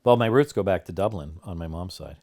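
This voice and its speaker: A man's voice: deep voice, a little fast, a little mellow. A middle-aged man co-hosting a podcast, talking about a court ruling in a teasing, sarcastic and pushy way. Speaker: podcast co-host, lawyer. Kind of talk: casual legal debate.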